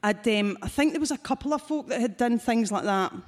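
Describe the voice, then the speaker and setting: A Scottish woman telling crude, lively comic stories on stage at a live show. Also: a little high, a little fast. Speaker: comedian guest.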